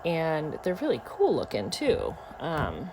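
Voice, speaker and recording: An older woman chats to her handheld camera at home, her low voice swinging widely in pitch. She slips into cooing baby talk with a toddler between remarks. A faint hiss sits under the recording. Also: huge pitch swings, slow. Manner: chatty, coos in a high baby-talk voice to a toddler. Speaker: vlogger grandmother. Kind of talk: casual home vlog. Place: home living room.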